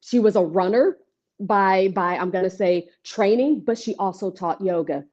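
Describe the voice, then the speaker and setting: A woman yoga instructor talking in an interview, telling her story in an animated, conversational way. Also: mid-range voice, normal speed. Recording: dull lo-fi audio.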